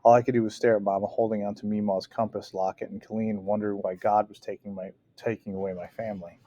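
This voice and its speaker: A man's voice: fairly low pitch, flat delivery, fast, mellow, highs cut off. A man reading a novel aloud in an unpolished way, with frequent restarts and small slips. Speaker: audiobook reader.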